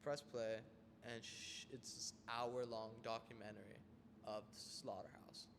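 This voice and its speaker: A young man from Florida hosting a casual podcast and telling a story in an animated, vivid way. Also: fairly low pitch, a little slow, vocal fry. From Florida, United States. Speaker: podcast host. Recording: reverberant room with faint noise.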